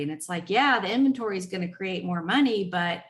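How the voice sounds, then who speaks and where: A woman's voice: medium pitch, expressive, fast, few pauses, fairly bright tone. A woman hosting a podcast, giving friendly selling advice in a casual chat and speaking straight to the listeners. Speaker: podcast host.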